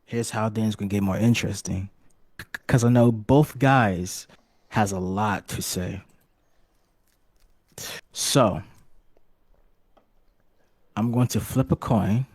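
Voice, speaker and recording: A man hosting a comedic mock wrestling press conference, rambling and halting, with bursts of swearing. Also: lowish voice, darkish tone, no room sound. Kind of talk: comedic hobby role-play.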